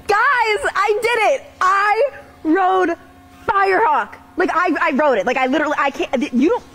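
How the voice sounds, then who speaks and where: A young woman reporter squeals in a very high voice, giddy and breathless, as she reports live. Clear park noise and traffic run behind her outdoors. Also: animated, normal speed, a bit bright, rough recording. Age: 20s. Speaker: TV news reporter. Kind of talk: excited live report from a roller coaster.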